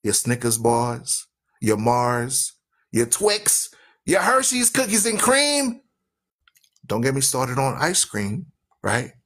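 A man hosting a radio talk show who preaches loudly and emphatically, asking listeners "right?" and driving points home with rhythmic repetition. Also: medium pitch, wildly swooping pitch, takes it slowly. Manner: asks listeners questions with "right?".

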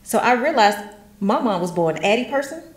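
A woman's voice: on the high side, big pitch swings, moderate pace. A middle-aged woman from West Tennessee, giving a chatty genealogy workshop talk with folksy asides and frequent laughter. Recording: roomy echo.

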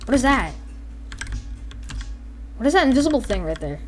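An excitable woman rambles through her gameplay commentary in a voice that swoops up and down, tossing in "like" and "freaking" and bursting into sudden yelps. She sounds like she is at home at a desk microphone. A faint hiss sits under her voice. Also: on the high side, moderate pace.

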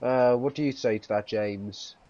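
A man's voice: mid-range voice, moderate pace, darkish tone. A young man hosting a casual gaming video, talking in a rambling, playful way. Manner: rambling, playful, puts on voices. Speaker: gamer host. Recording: dull lo-fi with faint noise.

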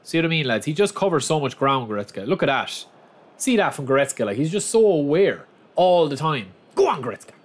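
A man's voice: a little high, very animated, brisk. A young man giving casual, chatty commentary on a football video game, often calling his viewers lads. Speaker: gaming channel host.

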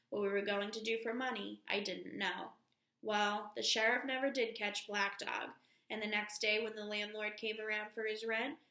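A woman teacher reading a novel aloud to her class at a steady pace, calling out each page number. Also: medium pitch, gravelly, roomy sound.

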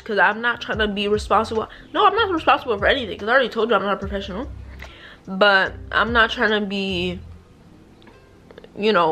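A young woman talks to her viewers in a relaxed home vlog. Her delivery is chatty and playful, with jokes at her own expense. Soft music sits quietly behind her voice. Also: medium pitch. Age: young adult. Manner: chatty, playful and self-deprecating. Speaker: vlogger. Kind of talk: casual vlog chat. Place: at home indoors.

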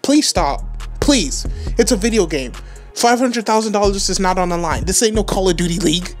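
A woman calls a shooter match live as a gaming channel host. Her voice sits in a middle register, with quick excitable rambling and bursts of trash talk at her opponents. Faint game music plays behind her. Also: medium pitch. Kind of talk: live gameplay commentary.

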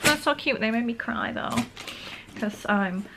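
A woman's voice: a little high, measured pace, very noisy. A young Northern English woman chatting casually through a gift haul vlog at home, gushing and giggling now and then. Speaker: vlogger. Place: home room. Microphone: camera on a stand.

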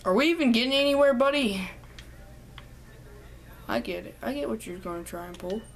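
A woman's voice: on the high side, moderate pace, a little hiss or hum. A young woman casually commenting while playing a video game, rambling and joking with herself. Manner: chatty, rambling, breaks into humming and singing. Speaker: gameplay commentator.

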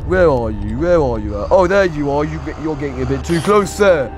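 A man's voice: on the high side, lively intonation, brisk, music in the background. A man giving let's play commentary on a horror game, jumpy, shrieking at scares and taunting the enemies. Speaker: gaming YouTuber.

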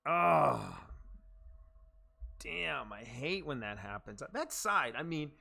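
A man streaming a game live, cheering on viewers with chanted catchphrases and muttering low asides in between. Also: very animated, slow pace, gravelly, bright, forceful tone.

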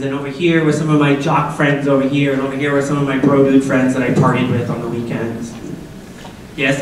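At a school assembly, a middle-aged Massachusetts man shares a personal story in a conversational way, asking the audience questions and cracking jokes. His medium-pitched voice comes from a distance in a very echoey hall, with a little hiss or hum.

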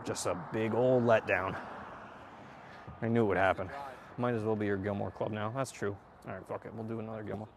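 A man chatting casually to viewers while hitting golf balls, excitable and self-mocking, swearing often and breaking into loud outbursts. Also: lowish voice, creaky, background noise. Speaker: golf vlogger. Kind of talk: casual range-session chat to viewers.

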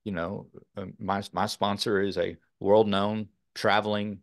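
A man's voice: on the low side, little pitch movement, unhurried, no echo, studio quality. A man from Texas, a podcast guest, talking earnestly in a rambling way with many fillers. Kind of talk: casual interview talk.

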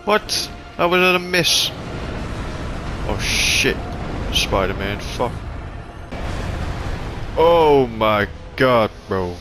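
A young man hosting a gaming video, swearing constantly and yelling at the game as he plays. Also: medium pitch, big pitch swings, very slow, long pauses, music in the background. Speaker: gaming channel host. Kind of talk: raging live gameplay commentary. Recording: noisy home recording.

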